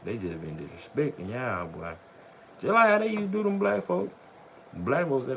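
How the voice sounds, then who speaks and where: A man's voice: mid-range voice, huge pitch swings, moderate pace, creaky, a bit bright, a little hiss or hum. A man chatting casually on his livestream in loose slang, rambling and often tossing in "bro" and "you know what I'm saying". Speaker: vlogger on a livestream.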